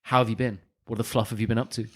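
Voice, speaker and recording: A man's voice: medium pitch, flat delivery, racing, a bit bright. A man co-hosting an improv podcast, talking in a playful, teasing way and swearing casually. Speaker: podcast co-host.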